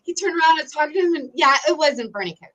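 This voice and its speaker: High, bright-voiced woman chatting. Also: lively intonation, quick pace. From Ohio, USA. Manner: bubbly, laughs often. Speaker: podcast host. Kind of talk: casual chat.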